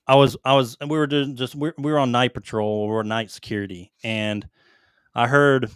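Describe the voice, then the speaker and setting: A man's voice: medium pitch, steady tone, moderate pace, smooth, no room sound. Man, ex-Marine, podcast co-host, profane storyteller, rambling, dry close mic. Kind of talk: casual chat, storytelling.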